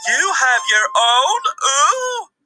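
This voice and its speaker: A woman voicing an eager, excitable duck in a children's cartoon, wide-eyed and quacking. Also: high-pitched, drawn-out words, music in the background, exaggerated voice, low-quality recording.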